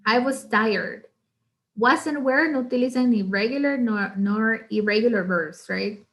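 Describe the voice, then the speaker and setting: A woman's voice: a little high, normal speed, fairly bright tone. A young woman with a Guatemalan Spanish accent teaching an online English grammar class, mixing English and Spanish and often checking in with "right?". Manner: switches between English and Spanish, frequent "right?".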